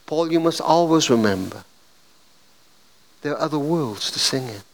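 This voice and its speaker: A preacher voicing a gentle old operator lady. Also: fairly high pitch, lively intonation, moderate pace, creaky, long reverb tail, voice pushed down. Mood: gentle, sorrowful. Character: kind elderly female phone operator.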